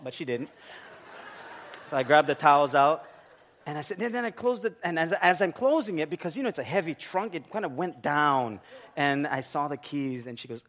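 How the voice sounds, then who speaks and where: A man's voice: on the high side, lively intonation, fairly quick, a bit bright. A man preaching a sermon, telling a humorous personal story and acting out both sides of the dialogue. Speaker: pastor.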